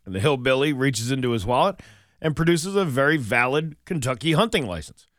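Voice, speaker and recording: Animated, bright-voiced morning radio man. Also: medium pitch, a little fast, no echo, studio quality. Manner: playful, mock-conspiratorial, loud put-on voices in jokes. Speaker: radio co-host, news reader. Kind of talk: joking morning radio banter. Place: radio studio. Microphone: studio mic.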